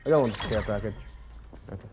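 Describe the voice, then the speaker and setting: A man's voice: lowish voice, fast talker, darkish tone, faint music behind. A man giving casual commentary while playing a shooter, often bursting out in frustration and swearing. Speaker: gamer.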